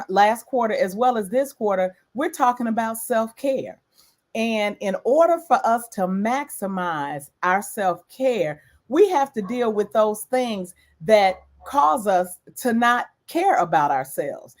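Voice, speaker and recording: A woman's voice: medium pitch, a little mellow. A woman giving a lecture-style talk on self-care as an educator, repeating key points for emphasis.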